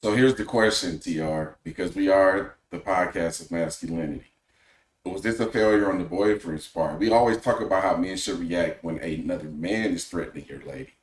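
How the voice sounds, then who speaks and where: Low voiced guy on a podcast, measured, opinionated, kinda echoey room. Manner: measured, opinionated, poses questions. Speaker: podcast co-host. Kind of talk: casual podcast chat.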